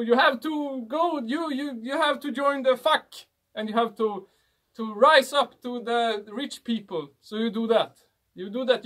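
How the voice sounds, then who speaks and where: A podcast host with a Swedish accent, a native Swedish speaker, delivering a deadpan mock-instructional comic monologue in broken English. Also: mid-range voice.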